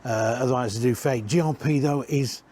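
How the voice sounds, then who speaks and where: A man's voice: medium pitch, a little fast, darkish tone. A man giving a casual, rambling walk-around tour inside used caravans, chatting and correcting himself as he goes. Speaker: caravan industry reviewer.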